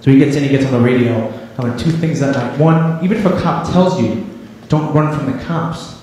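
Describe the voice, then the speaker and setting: A young man doing stand-up comedy on a club stage, telling stories in a deadpan way and acting out his family and the police. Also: medium pitch, brisk, slight background noise. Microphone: handheld stage mic. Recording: live club recording, roomy echo, crowd laughter. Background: audience laughter.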